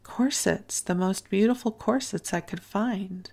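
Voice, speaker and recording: A woman reading the lines of an earnest, naive male diplomat in love, in a gentle, soft-spoken way. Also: mid-range voice, unhurried, gravelly, pitched above the performer's own voice. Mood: dismayed.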